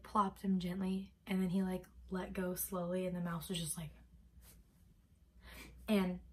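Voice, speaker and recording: A young woman vlogger telling a dramatic story casually, full of fillers. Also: mid-range voice. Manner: animated, dramatic, many fillers. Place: bedroom.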